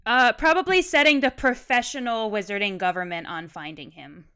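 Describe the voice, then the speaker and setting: A woman co-hosting a casual book discussion podcast, animated and analytical. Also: on the high side, moderate pace, clean tone. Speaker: podcast co-host. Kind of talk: casual discussion, reading excerpts.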